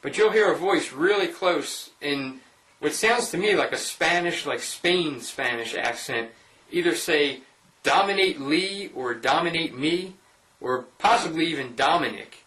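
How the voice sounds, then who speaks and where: A man's voice: a little high, expressive, moderate pace, a bit bright, echoey room, far from the mic, rough recording. A man casually narrating his ghost-hunting evidence, talking straight to his viewers in an informal way. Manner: informal, speaks directly to viewers. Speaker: paranormal investigator presenting evidence. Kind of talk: casual voice-over narration of clips.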